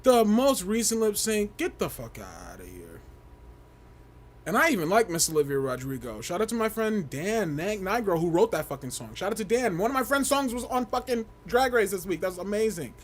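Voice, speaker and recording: A young man hosts a casual livestream, his voice sitting high and his pace moderate. He gossips and reads out the chat with lots of energy, laughing often and sometimes shrieking.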